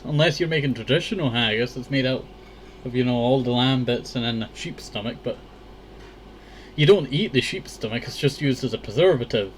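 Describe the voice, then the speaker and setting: A man's voice: medium pitch, lively intonation, fairly quick, a little hiss or hum. Rambling Scottish man gaming. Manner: rambling, full of "you know" fillers. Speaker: let's play gamer. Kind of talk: casual gameplay commentary.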